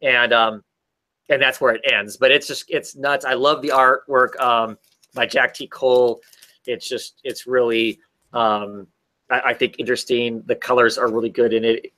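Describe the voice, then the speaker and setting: Guy rambling thru a comic recap, lots of ums, pretty bright sounding. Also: mid-range voice, level tone, moderate pace. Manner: rambling, many fillers and restarts. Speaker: podcast co-host reviewing comics. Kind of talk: casual chat.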